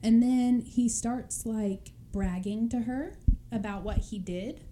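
A woman's voice: a little high, takes it slowly, noisy background. A young woman telling a true crime story in casual chat, laughing often and acting out the people in it. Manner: chatty, laughs often, acts out quoted voices.

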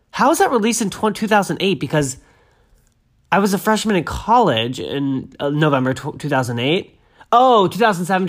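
A man in his thirties chatting casually about music, rambling and excitable, often losing his train of thought. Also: on the high side. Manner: rambling, excitable, self-interrupting. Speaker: host.

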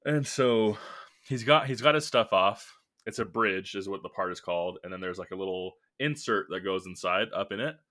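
A man's voice: lowish voice, normal speed, sharp tone. A young man co-hosting a podcast, casually telling a work story in a rambling way with lots of fillers and restarts. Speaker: podcast co-host.

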